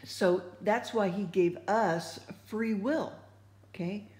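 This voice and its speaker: Woman talking slow about faith, rambly with lots of um and you know, echoey room. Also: medium pitch, darkish tone. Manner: rambling, many fillers and restarts. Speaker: speaker sharing faith thoughts. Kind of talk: casual spoken reflection.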